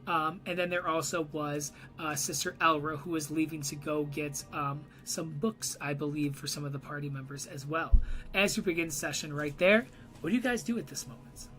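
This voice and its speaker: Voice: medium pitch, steady tone, normal speed, bright, forceful tone, faint music behind, poor audio. A game master narrating a tabletop role-play game in a loose, rambling way with many fillers.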